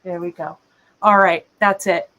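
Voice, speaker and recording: A woman's voice: on the low side, fairly even intonation, unhurried, sharp tone, slight background noise, low-quality recording. A woman in her fifties hosting a live beading show, chatting casually and meandering as she talks to viewers and her cat. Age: 50s. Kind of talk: casual live-stream chat. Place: workshop bench, indoors.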